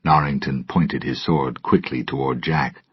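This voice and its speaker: Storybook narrator: man, deep and raspy, slow and deliberate, dry lo-fi sound. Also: steady tone, dry recording. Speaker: storybook reader. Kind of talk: graded-reader story narration for English learners. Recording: dull lo-fi recording.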